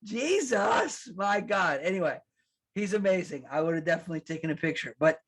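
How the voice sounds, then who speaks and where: A man preaching a sermon as pastor, conversational and animated, acting out quotes and restarting his sentences. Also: high voice, a little fast, creaky. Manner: animated, acts out quotes, laughs at his own lines.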